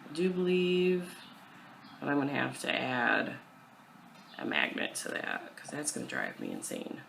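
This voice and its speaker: A woman's voice: extremely low pitch, wildly swooping pitch, measured pace, vocal fry, fairly bright tone, a little hiss or hum, low-quality recording. A young woman chatting casually at home to her camera about her cross-stitch plans, self-deprecating and full of fillers.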